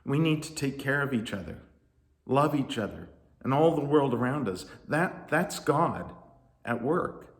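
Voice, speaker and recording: A man doing a soft, earnest little girl. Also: medium pitch, animated, a little slow, voice pushed up, close to an everyday voice. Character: thoughtful little girl, kind. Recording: roomy echo.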